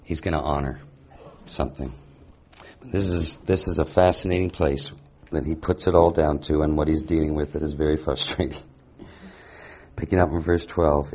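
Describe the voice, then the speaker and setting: A man's voice: extremely low pitch, fairly even intonation, moderate pace, a little mellow. A man teaching a sermon, reading scripture aloud and reflecting on it with rhetorical questions. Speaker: Bible teacher.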